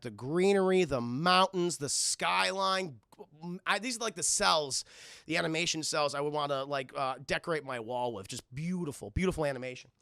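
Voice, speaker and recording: A man casually recapping a film to his live chat, rambling and swearing with animated asides. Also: fairly high pitch, gravelly, dry recording, studio quality. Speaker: streamer film reviewer.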